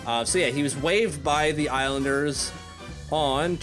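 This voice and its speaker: Chatty man with a higher voice. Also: measured pace, over music. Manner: chatty, rambling, self-correcting. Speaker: podcast co-host. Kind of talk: casual podcast chat.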